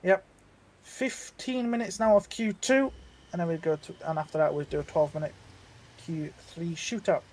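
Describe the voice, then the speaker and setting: A man's voice: fairly high pitch, fairly even intonation, moderate pace, a little mellow. A man co-commentating an online racing league, chatting and predicting lap times with frequent restarts. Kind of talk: casual race analysis and banter.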